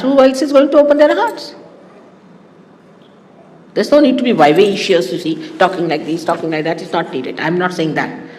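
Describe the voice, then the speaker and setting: A woman giving a spiritual talk to her followers in an animated, teasing way, often laughing. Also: on the high side, long reverb tail, slight background noise. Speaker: spiritual teacher.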